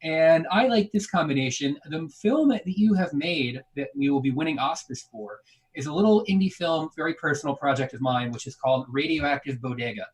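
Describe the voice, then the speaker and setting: A man's voice: on the high side, brisk, far from the mic, low-quality recording. A man hosting an online improv show on a video call, casually explaining the next game. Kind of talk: hosting a live improv stream.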